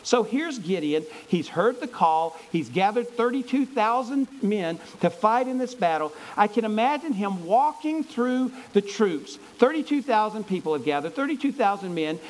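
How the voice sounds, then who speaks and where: A man preaching a sermon by retelling a Bible story with animated enthusiasm, often repeating words as he goes. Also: high-pitched, poor audio.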